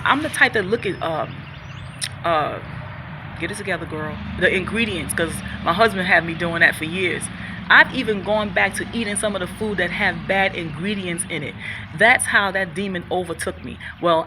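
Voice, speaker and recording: A woman's voice: mid-range voice, pushed and bright, a little hiss or hum. A middle-aged woman vlogging to her viewers about faith and personal struggle, earnest and preachy, repeating phrases and sometimes fumbling her words. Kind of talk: faith-based personal vlog, talking to viewers.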